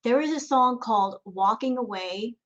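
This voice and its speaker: Calm woman lecturing in commentary. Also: on the high side, normal speed, lo-fi sound. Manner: calm, lecturing, addresses the streamer directly. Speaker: reaction commentator. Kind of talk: reaction commentary.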